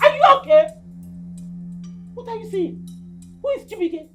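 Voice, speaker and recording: A woman's voice: extremely high pitch, expressive, normal speed, darkish tone, soft background music. A fiery Nigerian village mother. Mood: furious. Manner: scolding, repeats threats. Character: domineering scheming village mother, quick-tempered. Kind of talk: Nollywood film acting.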